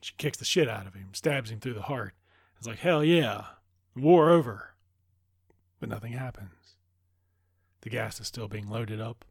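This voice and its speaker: A man's voice: fairly low pitch, steady tone, normal speed, husky, no room sound, clean studio sound. A man casually recapping a movie plot, rambling and swearing freely as he goes.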